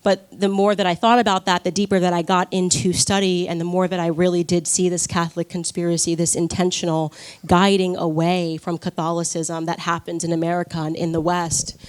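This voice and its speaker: At a conference, a woman gives a personal testimony speech, telling her story with animated energy. Her fairly low voice breaks into quick laughs, and she acts out the quotes.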